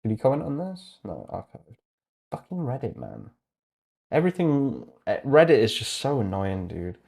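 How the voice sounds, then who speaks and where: A young man hosting a casual livestream, thinking aloud as he browses, excitable, laughing often and muttering asides to himself. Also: mid-range voice, normal speed, gravelly, slightly rough. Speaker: host.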